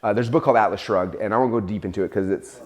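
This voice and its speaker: A man in casual conversation, telling stories with many fillers and restarts, jumping into a high voice to act out his own panic. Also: racing. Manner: animated storytelling, acts out his own panic in a raised voice. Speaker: host and entrepreneur.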